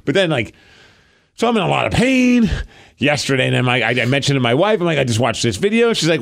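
A man co-hosting a podcast in casual chat, telling animated stories while complaining about a painful sore mouth. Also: on the high side, fast, creaky. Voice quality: sore mouth from canker sores. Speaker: podcast co-host.

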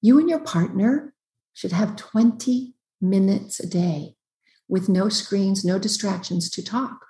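Woman psychologist guest on a video call, emphatic explainer, mid pitch, echoey room. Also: dark tone. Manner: emphatic, explanatory, talks in quick lists. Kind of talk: podcast interview giving advice. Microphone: computer on a video call.

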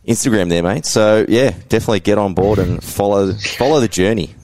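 A man's voice: fairly low pitch, fairly quick, darkish tone, no room sound. A man hosting a casual fantasy sports podcast, laid-back and laughing often, calling everyone mate. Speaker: podcast host.

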